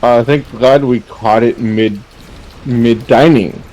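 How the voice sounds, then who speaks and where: A man's voice: medium pitch, steady tone, slow, darkish tone, low-quality recording. A young man chatting casually on a livestream, telling a rambling family story full of fillers and laughter.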